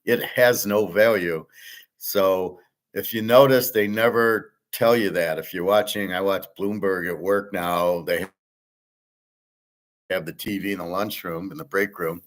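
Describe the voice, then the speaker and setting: A man's voice: low voice, fairly even intonation, unhurried. A middle-aged man talking casually and bluntly on his own show, rambling, swearing and restarting his sentences. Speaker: host. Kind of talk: casual monologue on money and markets.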